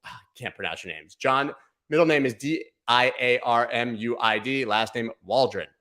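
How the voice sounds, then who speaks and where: A man hosting a casual livestream giveaway, chatty and playful, now and then slipping into a booming sports-announcer voice. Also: moderate pace, fairly bright tone. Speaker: livestream host.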